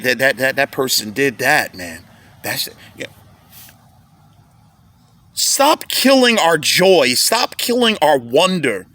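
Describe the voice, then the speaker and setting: Emotional man, high and bright, lively pitch, rambling casual monologue with repeated words. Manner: swings between loud excited bursts and quiet low asides.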